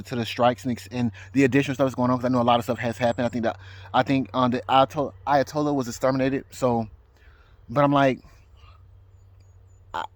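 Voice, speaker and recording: Male vlogger, rambling and hesitant, mid-pitched, dry sound. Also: dry recording. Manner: hesitant, many ums and restarts. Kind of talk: rambling casual vlog. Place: outdoors, then indoors at home.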